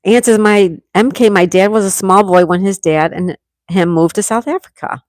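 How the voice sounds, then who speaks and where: A woman's voice: mid-range voice, moderate pace, no room sound. Woman in her 60s from New York State, livestream host, chatty, reads comments aloud, dry close sound. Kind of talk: casual live chat reading comments.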